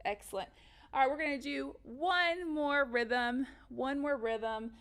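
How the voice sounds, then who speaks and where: A woman's voice: sits high, takes it slowly, a bit bright, a little hiss or hum. A woman music teacher giving a recorded lesson for children, upbeat and encouraging, counting beats and chanting rhythms aloud.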